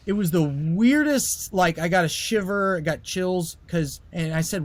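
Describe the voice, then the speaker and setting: Guy telling a story in an interview, voice a bit high, shoots way up when quoting people. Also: moderate pace, few pauses. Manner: animated storyteller, voice rises sharply when acting out quoted lines. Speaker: musician guest.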